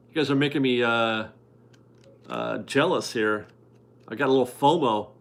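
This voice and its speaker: A medium-pitched male voice at a moderate pace belongs to a forties-aged streamer broadcasting casually from his home garage. Upbeat and talkative, he laughs a lot while reading viewers' donations out loud.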